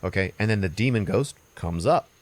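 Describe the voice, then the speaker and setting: A man's voice: lowish voice, animated, a little fast. A man hosting a podcast, recapping a movie plot in a loose, rambling, casual way with some swearing. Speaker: podcast host.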